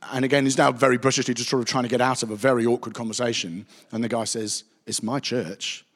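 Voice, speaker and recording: A man, a pastor giving a chatty, anecdotal Bible teaching with animated asides. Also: mid-range voice, very fast. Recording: reverberant hall.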